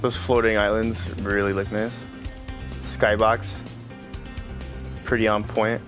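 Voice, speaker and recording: A man's voice: lowish voice, flat delivery, slow, a bit bright. A man giving casual, rambling let's play commentary, filled with "like.". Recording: game music playing underneath.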